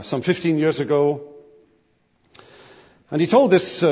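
A man preaching a sermon, emphatic and animated, his emphasis rising and falling. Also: medium pitch. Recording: long hall reverb.

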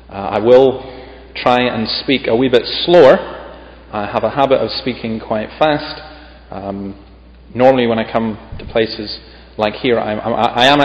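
Brief: male Scottish preacher, emphatic reader, friendly asides, long church reverb, muffled lo-fi sound. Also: medium pitch. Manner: emphatic scripture reading with chatty humorous asides. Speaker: visiting preacher. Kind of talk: sermon.

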